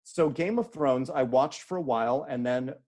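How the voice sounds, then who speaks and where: A man speaking as an interview guest, earnest and halting, often restarting his sentences. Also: medium pitch, darkish tone. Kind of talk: casual interview conversation.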